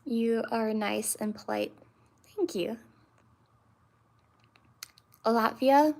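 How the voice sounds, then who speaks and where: A woman in her twenties hosting a livestream, chatting with viewers and answering them with many pauses and fillers. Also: a little high, a little mellow. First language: English. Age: 20s. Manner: hesitant, many fillers and restarts. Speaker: livestream host.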